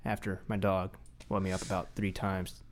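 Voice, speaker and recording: Deadpan, low-voiced male co-host. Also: normal speed, a little hiss or hum. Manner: deadpan, dry quips. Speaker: podcast co-host. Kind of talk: casual chat.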